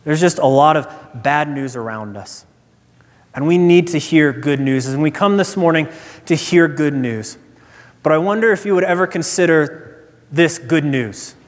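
A man preaching a sermon as pastor, telling stories in a relaxed, conversational way. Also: fairly high pitch, normal speed. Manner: conversational storytelling. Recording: echoey hall reverb.

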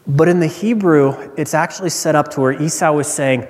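An earnest male pastor delivers a sermon with emphasis and repeats his main points. His voice sits a little high, and a long reverb from a large hall rings after each phrase. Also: fairly quick, few pauses. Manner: earnest, emphatic, often repeats key lines.

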